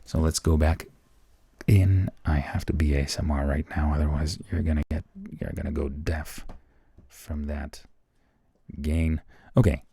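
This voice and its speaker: A man teaching about microphones in a chatty, casual demonstration, moving closer to and farther from the mic in a small, lively room. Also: rumbling low, a little slow, pauses often, slightly rough. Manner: chatty, explains while moving toward and away from the mic. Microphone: studio microphones tested at changing distances.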